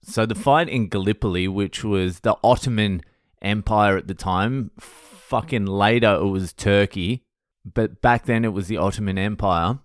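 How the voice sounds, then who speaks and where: Swearing Australian bloke telling history. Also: male voice, on the low side, unhurried, no room sound, clean studio sound. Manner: crude, swears constantly, rambling storytelling. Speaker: podcast host. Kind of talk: casual monologue.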